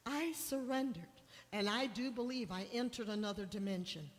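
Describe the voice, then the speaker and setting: A woman's voice: fairly high pitch, moderate pace. A middle-aged woman sharing a personal testimony with a church congregation, telling an emotional story with rising intensity when she quotes herself. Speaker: guest speaker sharing testimony. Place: church hall. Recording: long hall reverb.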